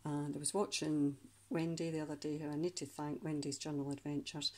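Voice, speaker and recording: A Scottish woman with a low voice talks casually through a handmade journal, page by page. She rambles a little and often stops mid-sentence to hunt for the right word. It is a relaxed craft flip-through, as if she is chatting to the viewer. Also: fairly quick. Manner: chatty, rambling, searching for words.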